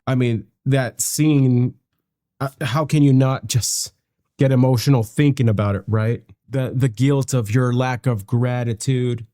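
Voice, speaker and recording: Male reaction-channel host, mellow tone, reflective and halting delivery. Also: medium pitch, steady tone. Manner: reflective, halting, restarts often. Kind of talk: casual reaction commentary.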